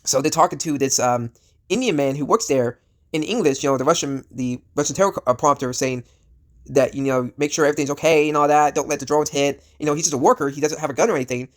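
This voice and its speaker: A man's voice: a little high, fast. A man who is sick and coughing, ranting in casual commentary. He rambles bluntly, with lots of fillers and swearing. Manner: rambling, full of fillers and restarts, blunt and profane. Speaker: vlogger.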